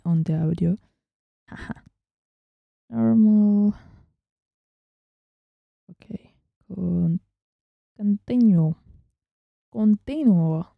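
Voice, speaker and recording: A woman hosting a casual software tutorial, chatting as she works and often dropping into a whisper. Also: lowish voice, gravelly, dry recording, phone-quality sound. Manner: chatty, thinking aloud, often drops to a whisper. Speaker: tutorial host.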